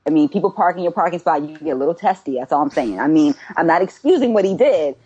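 A woman with a husky, slightly breathy voice, pitched a little low, talking sports in casual chat. She argues her point with emphatic rhetorical questions. The sound is dull and lo-fi. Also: expressive, quick pace, dark tone. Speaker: podcast co-host.

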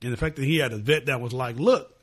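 Male podcast co-host, casual chat, relaxed and conversational, middle-pitched voice. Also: quick pace, slightly rough. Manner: relaxed, conversational, drops into quoted reactions.

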